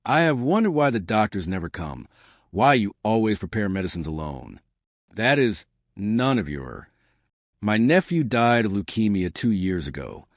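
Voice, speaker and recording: A man voices an older woman housekeeper, plain and measured, who holds her ground with quiet firmness. The pitch moves a lot, and the read is dry and close. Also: sing-song, no echo. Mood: resolute. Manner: plain, measured, growing firmer.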